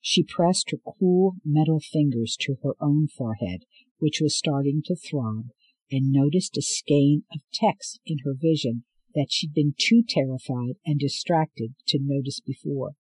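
A man reading an audiobook as narrator in a steady, measured way. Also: a little high, husky, dry recording, poor audio. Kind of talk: scripted narration.

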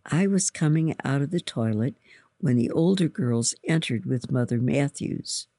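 A slow, gravelly narrator reading a first-person storybook. The pitch moves a lot as they tell it, and the sound is close and dry. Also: expressive, dark tone, no echo.

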